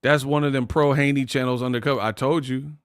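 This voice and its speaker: A man's voice: medium pitch, steady tone, quick pace, smooth, no echo, studio quality. A man hosting a casual boxing livestream, laughing often and trash-talking his chat readers.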